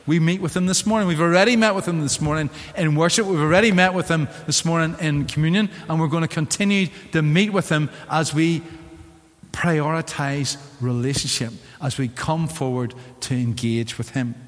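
A man with a Northern Irish accent preaching a sermon as pastor, in an animated, theatrical way. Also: on the high side, moderate pace. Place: church sanctuary. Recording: long church hall reverb.

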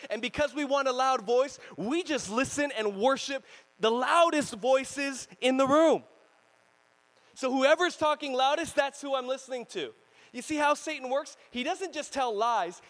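A male pastor preaching a sermon in an animated way, swinging between loud bursts and hushed stretches and laughing often. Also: extremely high pitch, poor audio.

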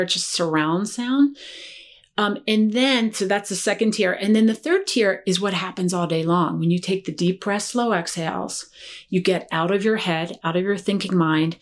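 A woman who works as a life coach, a podcast guest telling a personal story in an earnest, reflective way. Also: fairly low pitch. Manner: earnest, reflective, dips quiet at tender moments.

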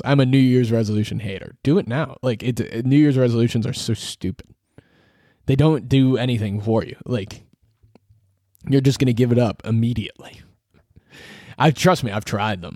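Young dude rambling into his podcast mic in his bedroom, swears a bunch, laughs at himself, middle pitch, dead dry sound. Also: a little mellow, no room sound. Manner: rambling, self-mocking, swears a lot, restarts often. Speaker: podcast host. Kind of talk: casual solo podcast ramble.

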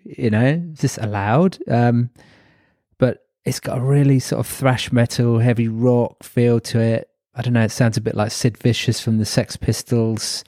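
A man's voice: medium pitch, level tone, normal speed, mellow, no echo, clean studio sound. A man co-hosting a casual podcast chat, chatty and reflective, laughing often. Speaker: podcast co-host.

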